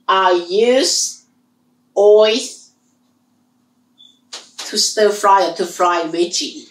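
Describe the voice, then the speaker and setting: A woman teaching a language lesson, slowly repeating sounds and words for her students. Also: fairly low pitch, echoey room, distant mic, low-quality recording. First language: Hmong. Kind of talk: slow online language lesson.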